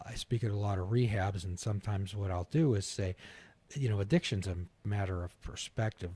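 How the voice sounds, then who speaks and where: A man's voice: lowish voice, darkish tone, no echo. A man hosting a talk show, making his points with homespun anecdotes in a conversational way. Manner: folksy, illustrates points with anecdotes. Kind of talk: conversational interview, storytelling.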